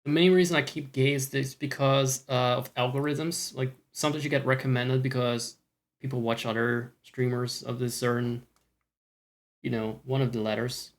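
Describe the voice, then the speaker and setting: Streamer, Scottish man, casual live chat, self-mocking and sweary, mid pitch. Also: steady tone, normal speed.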